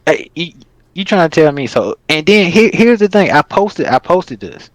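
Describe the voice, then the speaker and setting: A man's voice: fairly high pitch, big pitch swings, normal speed, no echo, poor audio. A man co-hosting a casual podcast, ranting in a heated, profane, rambling way. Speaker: podcast host.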